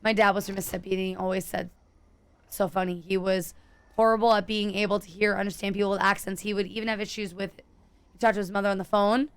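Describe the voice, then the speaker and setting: Woman streamer, smooth clear voice, mid pitch, chatty and thinking out loud to chat. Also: flat delivery, quick pace. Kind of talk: casual live-stream chat while gaming.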